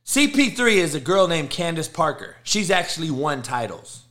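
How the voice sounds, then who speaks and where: A man's voice: a little high, very animated, normal speed. A middle-aged man, a football coach hosting a live show, ranting about sports in heated, profane bursts. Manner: profane, heated, shouting rants. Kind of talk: live motivational sports rant.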